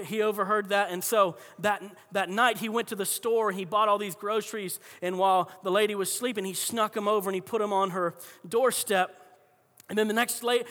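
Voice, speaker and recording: A man preaching a sermon with a high, bright, forceful voice. He tells stories conversationally and keeps restarting his sentences. A long hall reverb hangs behind every phrase. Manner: conversational storytelling with frequent restarts. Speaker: pastor.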